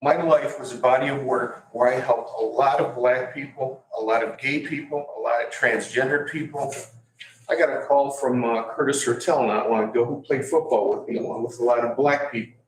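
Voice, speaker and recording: An older man speaking at a council public comment, aggrieved and halting. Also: mid-range voice, steady tone. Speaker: resident giving public comment. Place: council chamber. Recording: echoey chamber, voice from far off, faint hum.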